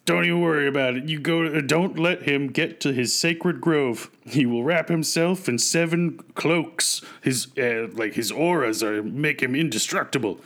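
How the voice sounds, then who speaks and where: A man's voice: on the high side, moderate pace, few pauses, voice pushed up. Guy doing a super chill god from the sky, all "don't worry about it". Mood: reassuring. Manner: relaxed slangy reassurance. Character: laid-back male sky god, casual and reassuring.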